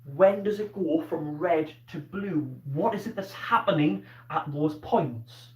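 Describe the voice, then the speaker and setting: A man's voice: fairly high pitch, takes it slowly, darkish tone. Encouraging male teacher, distant roomy sound. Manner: encouraging, asks questions and praises pupils by name. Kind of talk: live online science lesson.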